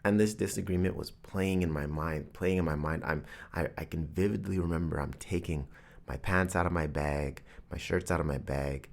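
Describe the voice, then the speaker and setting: A man's voice: a bass voice, normal speed, creaky. A man hosting a podcast, telling a personal story in an earnest, reflective motivational monologue. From Canada. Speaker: podcast host.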